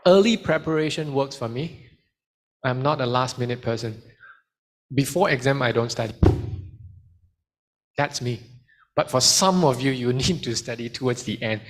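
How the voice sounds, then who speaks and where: A man's voice: medium pitch, normal speed, long pauses. A man giving a study skills seminar to students and taking questions, switching into Malay now and then. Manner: lively, mixes in Malay phrases. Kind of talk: seminar talk with Q and A.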